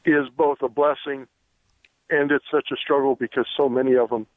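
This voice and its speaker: A man calling in to a radio show, speaking earnestly and with grief in a measured way. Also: medium pitch, fairly even intonation, no room sound. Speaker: caller. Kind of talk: phone-in call. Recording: tinny phone line.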